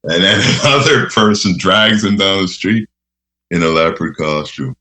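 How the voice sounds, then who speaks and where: A man's voice: deep voice, a little slow, bright, forceful tone. A man telling rambling, laughing anecdotes in a casual interview. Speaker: radio host guest. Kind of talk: casual storytelling.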